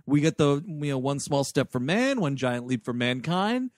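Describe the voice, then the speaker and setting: A man co-hosting a casual movie-review podcast, animated and acting out the characters he quotes. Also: fairly high pitch, moderate pace, dry recording, clean studio sound. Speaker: podcast co-host.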